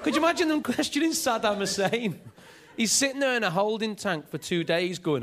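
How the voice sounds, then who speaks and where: A man's voice: high voice, a little fast, some chatter behind. A man doing a stand-up comedy set, telling stories with energy. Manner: energetic, animated storytelling.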